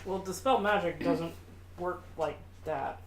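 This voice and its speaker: Sarcastic woman with a lowish voice. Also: measured pace, a little hiss or hum. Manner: sarcastic, dry teasing. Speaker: player. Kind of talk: tabletop role-play. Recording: echoey room.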